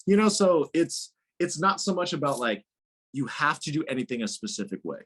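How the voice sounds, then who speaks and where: A man speaking as a guest spiritual teacher in a casual interview, animated and emphatic, laughing often. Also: fairly high pitch, brisk, husky.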